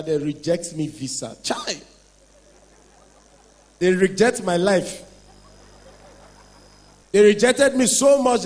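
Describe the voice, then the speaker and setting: Nigerian male stand-up comic, high-pitched, punchy storytelling in Pidgin and English. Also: darkish tone, a little hiss or hum, rough recording. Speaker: stand-up comedian. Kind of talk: stand-up comedy routine.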